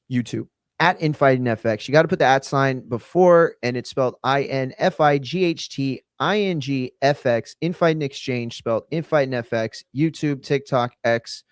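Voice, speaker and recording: A man hosting a live stream, chatting loosely and giving offhand shout-outs to viewers. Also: mid-range voice, clean tone, no echo, clean studio sound. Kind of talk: casual live-stream chat.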